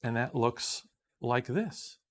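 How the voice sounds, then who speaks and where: A man's voice: mid-range voice, animated, slow pace. A man hosting a quiz show over a video call, cracking puns and bantering with contestants. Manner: jokey, punning banter with contestants.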